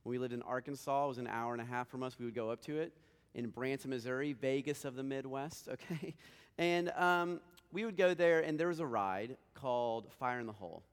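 A man in his thirties giving an earnest, conversational sermon as a pastor, swelling with emphasis and dropping to quiet asides. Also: medium pitch, brisk, smooth. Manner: earnest, conversational preaching with dynamic swells and soft drops. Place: church sanctuary. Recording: long hall reverb.

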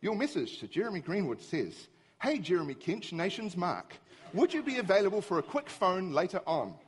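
A man's voice: high-pitched, big pitch swings, moderate pace, slightly rough, exaggerated voice. A man voicing a female phone voice assistant that reads messages back in a level, mechanical way.

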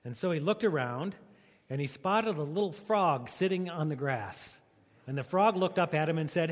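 A man's voice: a little high, animated, moderate pace, long reverb tail. A man preaching a sermon as a pastor, in a joking, conversational way.

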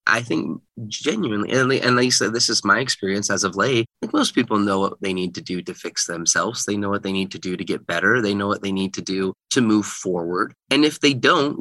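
A man's voice: fairly low pitch, sharp tone, no echo. A man in his thirties, a guest in an interview, telling a story in an earnest way and repeating phrases for emphasis. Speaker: guest speaker.

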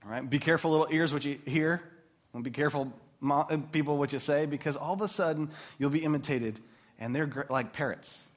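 A man in his thirties, a pastor, preaching a sermon in a conversational, animated way with casual asides. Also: on the high side, brisk.

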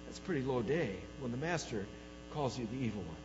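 A man preaching a sermon, telling stories with animation and swinging from loud exclamations to hushed lows. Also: lively intonation, quick pace. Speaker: pastor. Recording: dull reverberant hall with mains hum.

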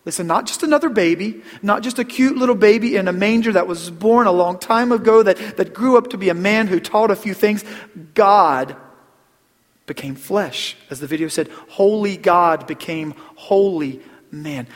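A middle-aged man preaching a Christmas sermon as pastor, earnest, repeating words and dropping to a hush on key phrases. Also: high voice, normal speed. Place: church sanctuary. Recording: long hall reverb.

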